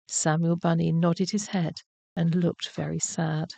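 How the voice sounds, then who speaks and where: Gentle woman reading a bedtime story. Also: on the low side, flat delivery, unhurried, creaky, breathy edge, dry recording.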